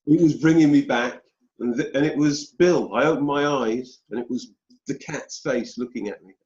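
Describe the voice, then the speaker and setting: A British man telling a personal story as an interview guest, slow and deliberate with pauses. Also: medium pitch, a little mellow. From United Kingdom. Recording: dull roomy sound.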